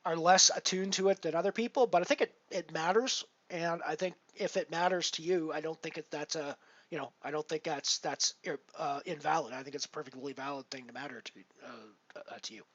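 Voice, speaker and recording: A man's voice: fairly high pitch, a little fast, a bit bright, no echo, highs cut off. A man casually chatting to his viewers while he plays online poker, rambling with lots of fillers and restarts. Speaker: poker streamer. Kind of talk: casual live-stream commentary.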